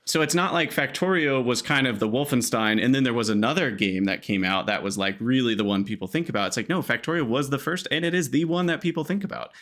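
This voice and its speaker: A man's voice: medium pitch, fast, hardly any pauses, fairly bright tone. A man co-hosting a podcast in casual chat, articulate and analytical, prone to short tangents. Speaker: podcast co-host.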